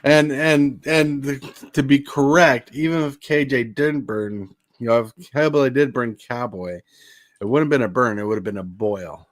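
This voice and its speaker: A man's voice: medium pitch, moderate pace. A man hosting a casual chat show, rambling with lots of fillers and frequent laughter. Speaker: podcast host.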